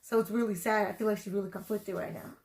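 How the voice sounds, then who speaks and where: A woman's voice: medium pitch, fairly even intonation, quick pace, heavy background noise. A woman giving casual reaction commentary on a TV episode, rambling and chatty, full of "like" and "you know". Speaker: video reactor.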